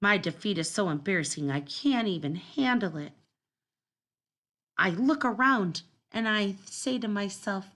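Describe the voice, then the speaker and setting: A woman reading a children's storybook aloud in the first person, telling it in an expressive, dramatic way. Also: mid-range voice, unhurried. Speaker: storybook narrator.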